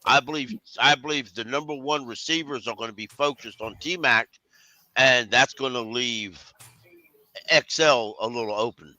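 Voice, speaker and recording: Halting sports podcast co-host, very bright tense voice, dry close mic. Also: male voice, mid-range voice, no echo, rough recording. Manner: halting, many restarts, dismissive asides. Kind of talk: casual sports talk.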